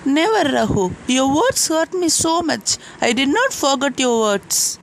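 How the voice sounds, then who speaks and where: A woman's voice: a little slow, creaky, a little hiss or hum, exaggerated voice. A woman voicing a hurt young girl who speaks reproachfully to a friend. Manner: reproachful, lively pitch.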